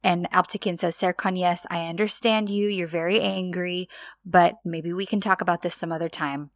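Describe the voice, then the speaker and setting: A woman chatting casually as a podcast co-host, acting out scenes with lively, expressive delivery. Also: moderate pace, dry recording, studio quality. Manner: animated, acts out quoted lines with big pitch jumps. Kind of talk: casual chat recapping a TV drama.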